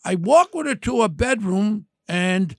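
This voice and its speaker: An older man, hosting a podcast and telling crime stories in an animated, brash way. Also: sits high, measured pace, vocal fry, no echo, clean studio sound. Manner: animated, brash storytelling, acts out quotes. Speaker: podcast host. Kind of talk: storytelling chat.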